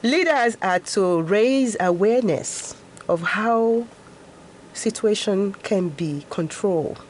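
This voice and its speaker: A woman's voice: mid-range voice, darkish tone, a little hiss or hum. Earnest laughing woman in her fifties. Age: 50s. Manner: earnest, laughs often between points. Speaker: interview guest, education NGO founder. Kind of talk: casual interview talk.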